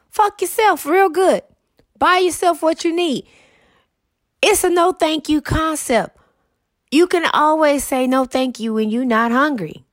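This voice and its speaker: A woman's voice: high voice, no room sound. A woman, telling a story and giving blunt, profane advice in casual talk, a little congested. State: congested, mouth breathing.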